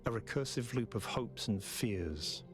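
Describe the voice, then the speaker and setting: An actor voicing an earnest, thoughtful male robot mayor in a video game, speaking in a measured, reflective way. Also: lowish voice, expressive. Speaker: game character. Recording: game music behind.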